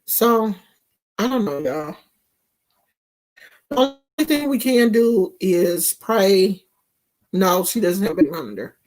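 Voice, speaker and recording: A woman's voice: mid-range voice, takes it slowly, pauses often. A woman, chatting casually and animatedly to her viewers in a vlog. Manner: animated, talks straight to viewers with dialect and asides. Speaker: vlogger.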